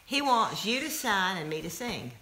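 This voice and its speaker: A woman's voice: medium pitch, big pitch swings, moderate pace, noisy background. A woman co-hosting a casual live stream, earnest and patient as she explains things. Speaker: podcast co-host.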